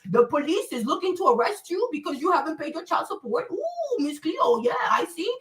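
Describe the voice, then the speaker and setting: A woman's voice: extremely high pitch, very animated, brisk, a bit bright, heavily acted. A woman mimicking a TV psychic hotline reader in a theatrical, sing-song fortune-telling manner, on a slightly distant mic. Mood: mocking.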